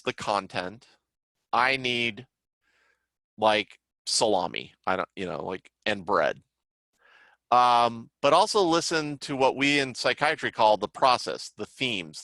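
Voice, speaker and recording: A man's voice: mid-range voice, pushed and bright, no room sound. A middle-aged man, a psychiatrist, teaching a class in a casual, chatty lecture style, full of "like" and "you know". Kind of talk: casual lecture with acted examples.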